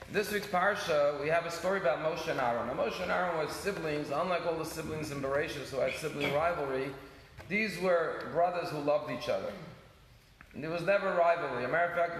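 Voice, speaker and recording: Rabbi preaching in an echoey hall. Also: male voice, fairly bright tone. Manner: storytelling, acts out dialogue with shifts in pitch. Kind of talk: sermon with told stories. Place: synagogue hall. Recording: echoey hall with some noise.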